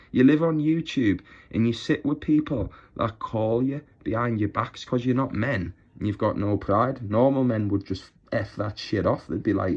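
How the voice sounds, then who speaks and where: A man's voice: mid-range voice, lo-fi sound. A man on a YouTube channel delivering a mocking, boastful rant straight to his rivals. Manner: taunting, boastful, scornful.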